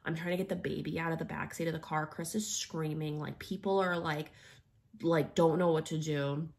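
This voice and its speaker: A young woman tells a personal story, rambling loosely and leaning on filler words at every turn. Her voice sits low and carries a gravelly fry. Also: fairly even intonation, moderate pace, a little mellow. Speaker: vlogger.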